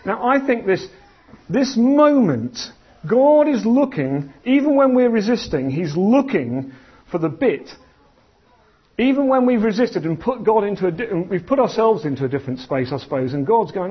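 A man preaching a sermon in an animated, conversational storytelling manner. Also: high voice, normal speed, breathy edge. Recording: dull lo-fi sound.

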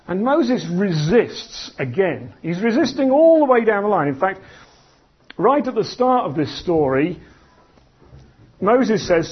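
A man preaching a sermon in an animated, conversational storytelling manner. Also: sits high, measured pace, slightly rough. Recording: dull lo-fi sound.

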